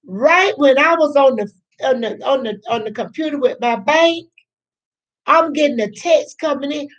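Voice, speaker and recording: This grandmother's voice is high and fairly bright, though the recording cuts off the highs. Chatting to the camera at a slow pace, she wanders through a personal story, repeating herself and mimicking the people she quotes.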